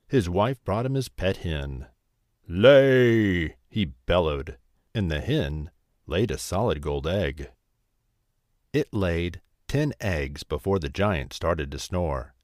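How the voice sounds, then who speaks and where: A man tells a fairy tale slowly, with a fairly low voice that swings widely in pitch. The recording is dry and close, with no room sound. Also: no echo. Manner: slow, lively storybook telling. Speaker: storyteller. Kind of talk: fairy tale read aloud.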